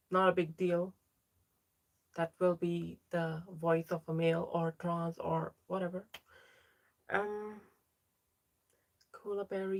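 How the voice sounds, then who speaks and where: Chatty trans woman livestreamer, low voice. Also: gravelly. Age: young adult. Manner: chatty, reads out viewer names and answers them. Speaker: livestream host. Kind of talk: casual livestream chat reading comments.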